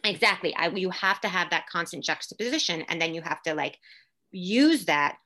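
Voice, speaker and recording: A woman actor, a guest in a casual interview, talking emphatically and building her points in quick chains. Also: lowish voice, expressive, pushed and bright.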